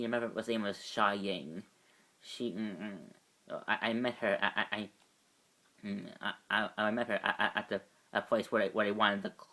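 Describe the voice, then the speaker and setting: Guy doing a rambling dad, low voice, keeps saying you see and restarting. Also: bright, forceful tone. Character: middle-aged father, a doctor, wistful and rambling. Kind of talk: amateur fan voice acting.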